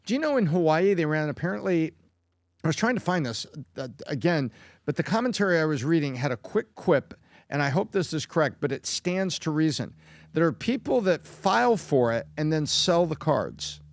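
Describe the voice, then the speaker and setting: A man's voice: on the high side, sing-song, moderate pace, dry recording. A man speaking as a podcast panelist in a casual debate, rambling and argumentative.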